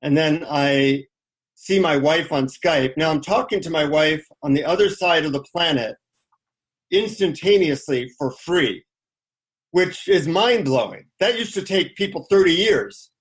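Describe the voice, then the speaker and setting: A man with a husky, slightly breathy voice that sits fairly high for a man. He tells a personal anecdote as an interview guest, animated and conversational, sprinkling in "you know" and "like". His delivery is loose and chatty rather than polished. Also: a little slow.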